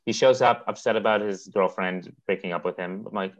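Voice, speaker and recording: A low-pitched man tells a story in casual chat, stumbling over words and laughing now and then. The sound is dull and lo-fi. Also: fairly even intonation. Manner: halting, repeats words, laughs through stories. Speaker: storyteller recounting a friendship.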